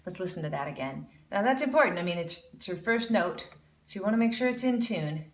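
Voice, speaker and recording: A woman's voice: medium pitch, animated, fairly quick, echoey room, distant mic. A woman teaching jazz singing, critiquing a student and demonstrating phrases with scat syllables in an encouraging way. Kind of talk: music lesson critique with scat singing demos.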